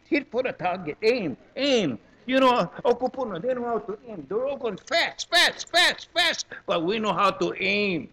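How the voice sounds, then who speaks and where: A man in his seventies with a Hawaiian Pidgin English accent, giving a lively, joking talk to a gathering and repeating words in quick bursts. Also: high voice. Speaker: presenter at a community gathering.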